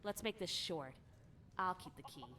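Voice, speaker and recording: A woman's voice: fairly low pitch, expressive, moderate pace, sharp tone. A woman voicing a curt, sarcastic game woman. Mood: dismissive. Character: guarded, sarcastic woman hiding a key. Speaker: game character.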